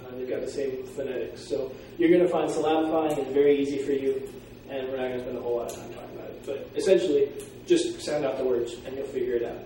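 A man teaching a Greek class, explaining pronunciation and sounding out words slowly. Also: medium pitch, steady tone, mellow. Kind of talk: classroom lecture. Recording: echoey room from far off, faint noise.

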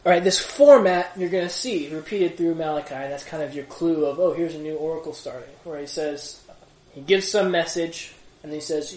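Male Bible study leader, lively and chatty, slightly higher voice, echoey room. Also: normal speed. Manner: animated, conversational, rhetorical questions. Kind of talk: casual group teaching.

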